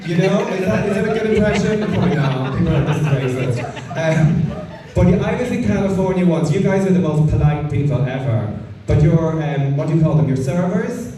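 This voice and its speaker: A man's voice: fairly high pitch, animated, a little fast. An Irish man doing stand-up, teasing the audience with profane, cheeky crowd work. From Ireland. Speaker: stand-up comedian. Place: comedy club stage. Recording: echoey club from far off. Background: laughing crowd.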